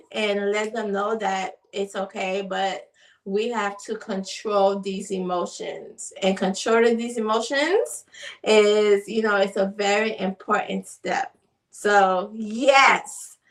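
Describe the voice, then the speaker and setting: A woman's voice: medium pitch, a bit bright, recorded from a distance, poor audio. A woman and mother of three, talking earnestly and casually, repeating phrases with lots of fillers. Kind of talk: casual talk to camera.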